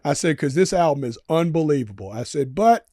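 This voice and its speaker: A man, an animated storyteller who swears freely and acts out quotes in a casual interview. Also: fairly high pitch, brisk, no echo, clean studio sound. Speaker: guest musician.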